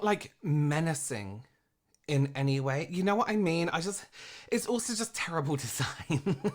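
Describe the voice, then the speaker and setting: A man, a professional makeup artist, giving a frank, rambling critique in a reaction video. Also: fairly high pitch.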